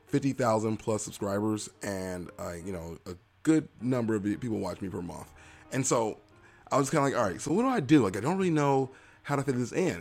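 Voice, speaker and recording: A young man hosting a podcast alone, chatting in a loose, rambling way and poking fun at himself. His voice sits a little low and has a gravelly edge. Faint music plays behind him. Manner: rambling, self-mocking and playful. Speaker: podcast host. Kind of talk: casual solo podcast chat.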